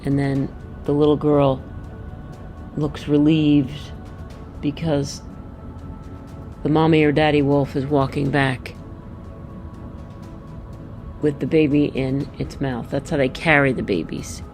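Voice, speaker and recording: A woman gently walking children through a picture book, explaining each page and thinking aloud as she goes. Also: deep voice, flat delivery, unhurried, pauses often, soft background music.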